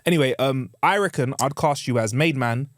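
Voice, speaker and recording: Fast, excitable comedian. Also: male voice, mid-range voice, dry recording, studio quality. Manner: excitable, laughing, slangy. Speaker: comedian co-host. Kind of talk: casual podcast chat.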